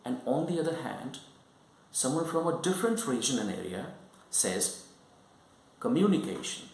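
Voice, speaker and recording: A man's voice: medium pitch, roomy sound, low-quality recording. Man teaching pronunciation. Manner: repetitive, checks understanding often. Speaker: English teacher. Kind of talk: explanatory lesson.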